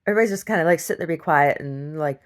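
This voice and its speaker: A woman's voice: sits low, very fast. A middle-aged woman telling a rambling story in a casual video diary, laughing often and acting out the people she quotes. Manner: laughs often, acts out quoted voices, many restarts.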